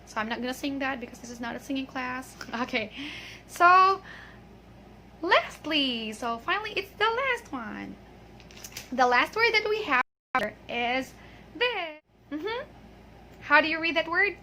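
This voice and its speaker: Bright high-voiced woman teaching pronunciation. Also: very animated, a little hiss or hum. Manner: patient, drawn-out model words and frequent "okay". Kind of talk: online pronunciation lesson.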